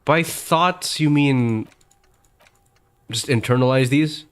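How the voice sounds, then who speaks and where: A man's voice: medium pitch, takes it slowly, clear, resonant tone, soft background music. A man hosting a let's play, chatting in a laid-back, thoughtful way while he plays. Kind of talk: casual gameplay chat.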